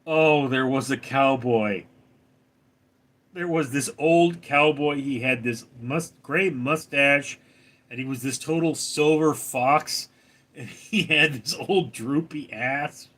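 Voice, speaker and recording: A man's voice: mid-range voice, takes it slowly, a bit bright. A man hosting a casual livestream, reading viewer comments aloud and answering them with wry jokes. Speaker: livestream host reading chat. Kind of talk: casual live chat.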